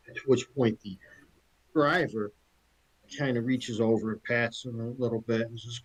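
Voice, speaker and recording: Casting: a male game master with a husky voice, loose and joking as he narrates. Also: mid-range voice, steady tone, moderate pace, poor audio. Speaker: dungeon master.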